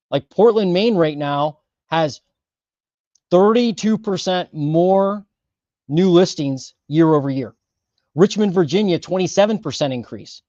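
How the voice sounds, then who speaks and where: A man's voice: on the high side, darkish tone, dry recording. A man walking through housing market numbers, stressing and repeating key figures as he goes. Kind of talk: data walkthrough commentary. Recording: dry, slightly dull sound.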